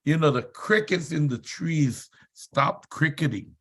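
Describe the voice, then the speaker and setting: Slow-talking man telling a dramatic story. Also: on the high side, slightly rough. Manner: dramatic, acts out shouted quotes; repetitive, emphatic build-ups. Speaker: seminar speaker. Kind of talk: motivational storytelling.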